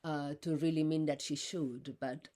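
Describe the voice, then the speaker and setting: Low-voiced woman in a rambling vlog rant. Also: steady tone, a little slow, dark tone. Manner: rambling, with many fillers and restarts; rises sharply in pitch when indignant. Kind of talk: unscripted personal monologue.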